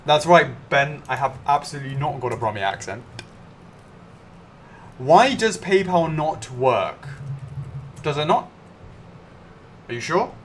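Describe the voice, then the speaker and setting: A man's voice: a little high, animated, unhurried, long pauses, a little hiss or hum. A man co-hosting a live stream, casually chatting and answering viewer comments aloud. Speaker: livestream co-host.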